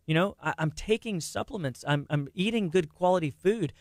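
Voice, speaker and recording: On a radio show, a middle-aged man with a high voice talks casually about health, animated and quick, often restarting and repeating words. The recording is dry and of studio quality.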